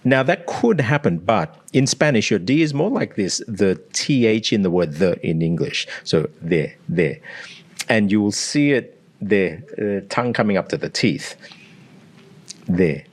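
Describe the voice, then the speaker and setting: A man's voice: on the low side, animated, a little slow. An Australian man working as a language coach, explaining pronunciation and demonstrating sounds aloud in a teacherly way. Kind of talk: explanatory analysis.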